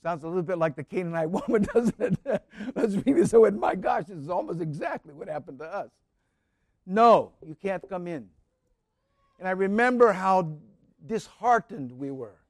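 Male preacher, high pitch, dry close sound, tells stories and swings from fervent cries to soft asides. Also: expressive, a little fast, no room sound. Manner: storytelling, rising to fervent cries then dropping soft. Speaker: pastor. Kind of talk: sermon.

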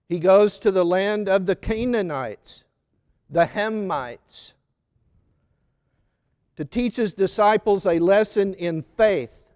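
A man preaching a sermon on a Gospel reading, slow and deliberate, stressing lists of words one by one. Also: high voice, a little mellow, smooth, in a large hall.

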